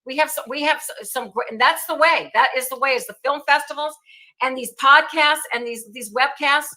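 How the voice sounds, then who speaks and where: Bright, high-voiced effusive woman host. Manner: effusive, quick to laugh. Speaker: talk show host. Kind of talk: casual interview chat.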